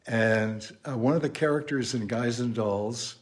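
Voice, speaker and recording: A man's voice: medium pitch, unhurried. An older man co-hosting a casual chat, joking and telling rambling anecdotes. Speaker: co-host.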